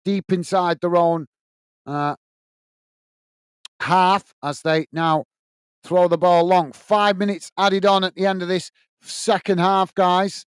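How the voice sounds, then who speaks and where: A man from the United Kingdom speaks slowly in a high voice with flat delivery and frequent pauses, sounding smooth in a dry recording. He hosts a live football watch-along, upbeat as he calls the play and reads out viewers' messages.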